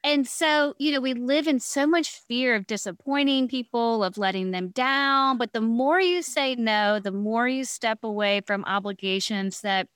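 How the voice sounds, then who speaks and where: A woman's voice: a little high, moderate pace, hardly any pauses, fairly bright tone, clear, resonant tone, no echo, studio quality. A woman giving blunt, frank advice in a casual podcast chat, acting out little quoted asides as she goes.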